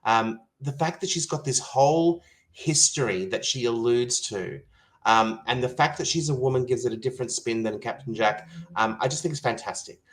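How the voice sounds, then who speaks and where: A man's voice: medium pitch, moderate pace, fairly bright tone, poor audio. A man appearing as a guest on a podcast, speaking in a hesitant, filler-heavy but enthusiastic way. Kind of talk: casual conversational podcast discussion.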